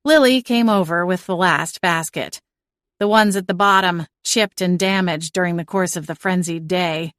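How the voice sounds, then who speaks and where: A woman reading a first-person audiobook narration in an even, measured storytelling way. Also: lowish voice, dry recording, studio quality.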